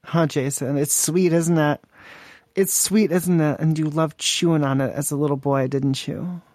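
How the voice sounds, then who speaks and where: A man's voice: on the high side, steady tone, normal speed, darkish tone, no room sound, clean studio sound. A man hosting a crude prank call podcast, mocking and rambling with lots of profanity.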